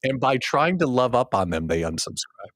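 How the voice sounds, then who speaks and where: Husky, lively-voiced male show host. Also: mid-range voice, normal speed, no room sound. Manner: animated storyteller, self-mocking, acts out his own past thoughts. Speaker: host of a small business show. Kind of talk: casual livestream monologue.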